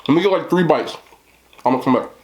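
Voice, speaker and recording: A man's voice: on the high side, fast, darkish tone, a little hiss or hum. A young man chatting casually to camera as a mukbang vlogger, laid-back and talking between bites with his mouth full. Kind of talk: casual talk to camera while eating.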